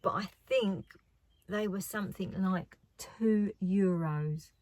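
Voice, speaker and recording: A UK craft vlogger chats casually about her craft haul, rambling and frequently dropping to a near whisper. Her voice is medium-pitched, slow and somewhat dark, on a dry recording.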